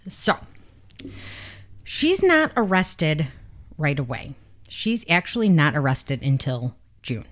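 A woman's voice: low voice, slow pace, long pauses. A woman hosting a podcast, casually retelling a true crime story with lots of swearing and acted-out quotes. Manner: casual, animated, swears freely, acts out quotes. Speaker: podcast host.

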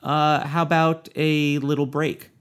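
A man's voice: on the high side, level tone, a little slow, clear, resonant tone. A man hosting a podcast in casual chat, joking loosely with many fillers and trailing thoughts. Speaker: podcast host.

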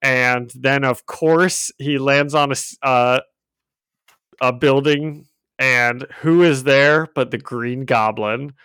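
A man's voice: mid-range voice, steady tone, slow pace, fairly bright tone, clear, resonant tone, dry recording. A man co-hosting a casual comics podcast from home, chatty and laughing often as he acts out quotes. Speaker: podcast co-host recapping comics. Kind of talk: casual chat. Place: home room with a cat. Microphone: own desk microphone.

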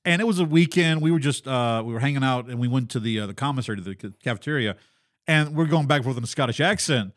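Animated man telling stories, dry sound. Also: mid-range voice, no room sound. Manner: animated storyteller, quick restarts and asides. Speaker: podcast host. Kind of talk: casual chat about tabletop gaming.

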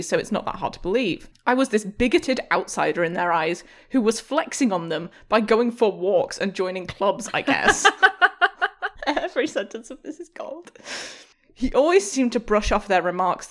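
A woman co-hosting a podcast, reading a post aloud in a casual, swearing, amused way. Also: medium pitch. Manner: animated, swearing, laughing while reading. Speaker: podcast co-host.

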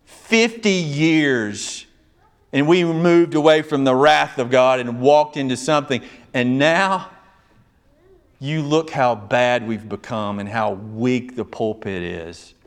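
A man's voice: medium pitch, slow pace. Man preaching an emphatic, story-driven sermon. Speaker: pastor.

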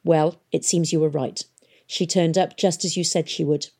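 A woman's voice: low voice, steady tone, normal speed, mellow, breathy edge. A woman voicing a scheming male lord mayor who sounds cheerful but carries cold menace, in an audiobook. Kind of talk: audiobook character voice.

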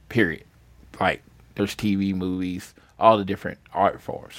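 A man co-hosting a casual wrestling podcast, speaking earnestly and in halting bursts. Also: sits low, fairly even intonation, no echo. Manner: earnest, halting, with many restarts. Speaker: podcast co-host.

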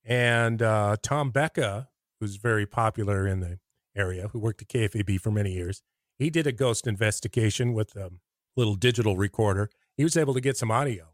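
A middle-aged man with an American Midwest accent, a radio personality telling rambling, animated stories in a conversational interview. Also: on the low side, a little fast, no echo, clean studio sound. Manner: rambling, animated anecdotes with acted-out quotes. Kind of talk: conversational storytelling.

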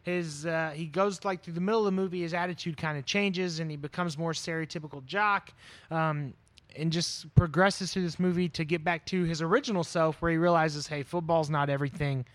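A man's voice: a little high, fairly even intonation, a little fast, no echo. A man co-hosting a podcast, chatting casually and rambling with lots of fillers. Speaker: podcast co-host. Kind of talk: casual chat.

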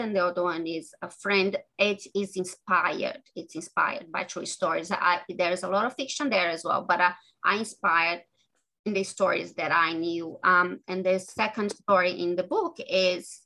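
An earnest woman, appearing as an author and interview guest, speaks haltingly and keeps restarting her sentences. Her voice is bright and forceful, pitched on the low side with a steady tone, and the recording is rough.

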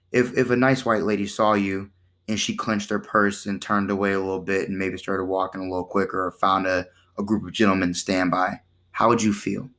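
A man hosting a casual podcast monologue in a conversational way, often asking "right?" and acting out the exchanges he describes. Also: lowish voice. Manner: animated, acts out quoted exchanges in shifting voices; conversational, with repeated "right?" and "you know". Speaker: podcast host.

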